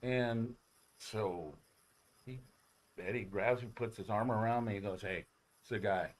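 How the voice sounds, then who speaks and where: A man, a former ballplayer, telling rambling, animated stories on a sports talk show, with many restarts. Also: on the low side, measured pace. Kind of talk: casual storytelling on sports talk radio.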